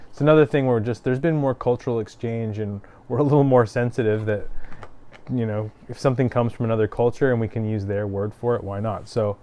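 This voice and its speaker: A man's voice: medium pitch, mellow, smooth. A man with a Midwestern American accent, chatting casually and thoughtfully in a comic shop as co-host. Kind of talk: casual chat about games and comics.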